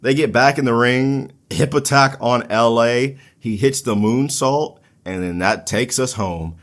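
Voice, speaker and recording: A man's voice: mid-range voice, measured pace, a bit bright. A man hosting a casual wrestling recap podcast, laid-back and profane, laughing at his own slips. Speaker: podcast host.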